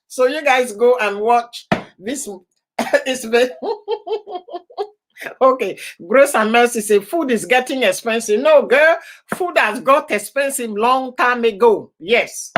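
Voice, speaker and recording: A woman hosting a casual live stream, laughing often and heartily as she chats and repeats her warm goodbyes and thank-yous. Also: fairly high pitch.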